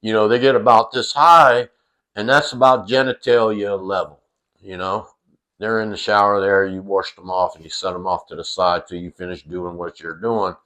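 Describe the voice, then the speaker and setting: A man's voice: on the low side, little pitch movement, normal speed, fairly bright tone. A middle-aged man telling a funny family story in a loose, rambling way, with plenty of fillers and the odd curse. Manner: rambling, full of fillers and restarts, salty. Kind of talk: casual storytelling.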